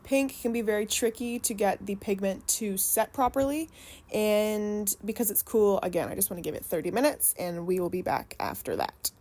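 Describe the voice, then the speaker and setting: A woman's voice: mid-range voice, moderate pace, warm tone. A young woman chatting casually and rambling, swearing freely as she shows yarn and dyes it at home. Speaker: vlogger, yarn dyer.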